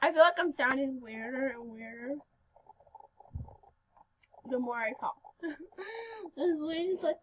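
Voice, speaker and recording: A female speaker giving casual gameplay commentary, giggly and excitable, breaking into sudden loud outbursts. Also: high voice, measured pace, long pauses, slight background noise, poor audio. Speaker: gaming video host.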